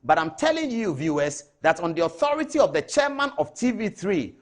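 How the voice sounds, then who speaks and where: A middle-aged man with a Ghanaian English accent, hosting a TV talk show monologue in a chatty, animated, digressive way. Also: high voice, brisk.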